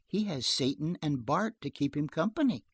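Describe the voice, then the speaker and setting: A reader voicing a calm young mother who gently coaxes her child in a soft, restrained voice. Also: mid-range voice, normal speed, breathy edge, dry recording. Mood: gentle coaxing.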